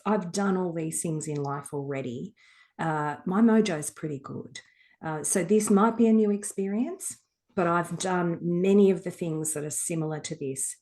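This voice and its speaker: Frank woman, low-pitched. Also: darkish tone. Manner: frank, reflective, earthy. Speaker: guest author. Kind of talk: casual interview talk.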